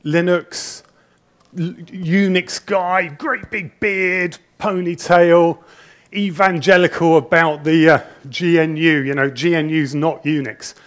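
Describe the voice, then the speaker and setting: At a conference hall, a middle-aged man gives a talk as a nervous, chatty storyteller who cracks jokes at his own expense. He speaks into a wireless presenter mic with a body pack. His voice is a little high and fairly bright, with fairly even intonation and a slow pace.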